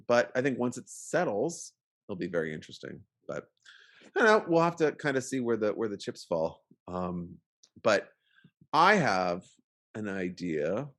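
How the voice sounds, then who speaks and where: Rambling, animated male podcast host. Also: lowish voice. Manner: rambling, full of fillers and restarts. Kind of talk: casual chat.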